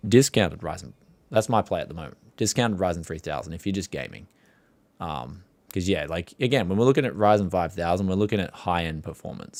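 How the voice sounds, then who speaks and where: A man with a strained voice, hosting a tech livestream in rambling casual chat and reading out questions from viewers. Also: low-pitched. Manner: rambling, animated, reads chat questions aloud. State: strained voice from yelling.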